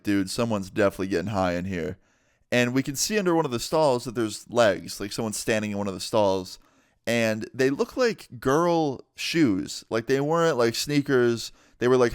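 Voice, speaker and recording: A man's voice: mid-range voice, clear, resonant tone, no room sound, clean studio sound. A young man casually telling a story, swearing freely and filling with "like". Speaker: storyteller vlogger.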